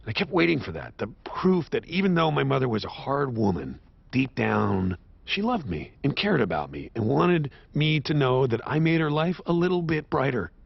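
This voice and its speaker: An actor voicing a bitter, self-loathing, washed-up horse sitcom star in an animated series, with a sardonic, self-mocking delivery. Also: male voice, normal speed, creaky, husky, no room sound, full character voice. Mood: raw grief. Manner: sardonic, self-mocking delivery with sudden high-pitched outbursts. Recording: dull lo-fi show audio.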